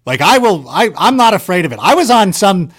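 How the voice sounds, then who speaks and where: A man casually telling stories on a podcast, animated and self-deprecating, filling his talk with "like" and "you know". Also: high-pitched, a little fast. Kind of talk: casual storytelling chat.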